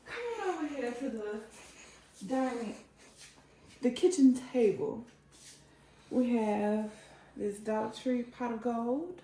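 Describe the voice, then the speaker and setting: A woman's voice: fairly high pitch, animated, slow, long pauses, dark tone, slight background noise. Chatty woman giving a home decor tour. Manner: chatty, pointing out items as she walks. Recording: echoey room.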